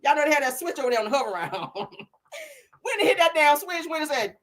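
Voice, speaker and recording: Lively laughing woman gossip host. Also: high voice, brisk. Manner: laughing often, profane, acts out voices and quotes. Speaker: commentary show host. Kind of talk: casual gossip commentary.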